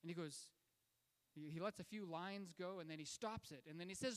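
A man's voice: high-pitched, brisk, clean tone. Man preaching in a reverberant hall. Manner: conversational, with frequent fillers and restarts. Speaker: pastor. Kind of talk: sermon storytelling.

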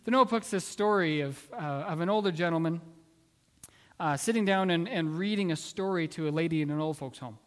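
A man preaching a sermon, telling a story in an earnest, halting way with many restarts. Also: a little high, a bit bright, in a large hall. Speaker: pastor.

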